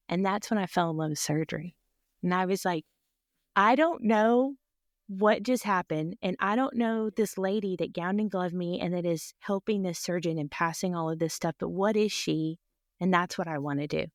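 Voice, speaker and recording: A woman telling a personal story with animated energy, acting out other people's voices and laughing often. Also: on the low side, dry recording, studio quality. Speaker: guest.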